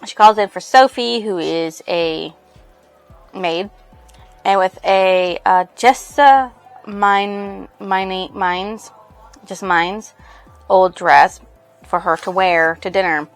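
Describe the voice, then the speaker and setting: A woman's voice: medium pitch, takes it slowly, soft background music. A woman casually summarizing a book's plot as a book reviewer, rambling loosely with lots of fillers. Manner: rambling, full of fillers and "she's like".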